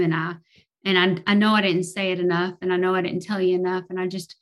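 Speaking quickly in a lowish, flat voice, a podcast guest from Kentucky with a Kentucky Southern American accent shares her personal story. She's hesitant, leans on lots of fillers and laughs easily.

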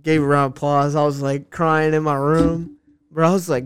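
An excitable young man rambles through casual podcast chat, stacking up "like" as he talks. His voice sits a little high and smooth, recorded dry and close. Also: moderate pace, dry recording. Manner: excitable, rambling, heavy use of "like". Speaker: podcast co-host.

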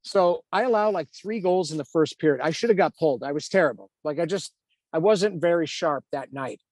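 A man's voice: a little high, brisk, no room sound. A man in his fifties, a former hockey goalie turned TV analyst, telling a story in a casual interview, acting out quotes with lots of "like". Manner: animated, acts out quotes, lots of "like".

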